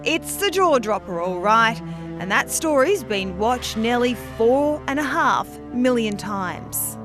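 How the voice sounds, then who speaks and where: A woman's voice: on the high side, animated, slow pace. Female current-affairs narrator, wry, over a music bed. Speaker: news narrator. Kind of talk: scripted narration.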